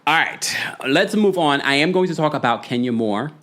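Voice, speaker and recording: Male recap host, New York accent, lively swooping pitch, quick laughs, reads chat live. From United States. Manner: animated, laughs often, acts out quotes in a high voice. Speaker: podcast host recapping a reality show. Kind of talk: live recap chat reading viewer comments.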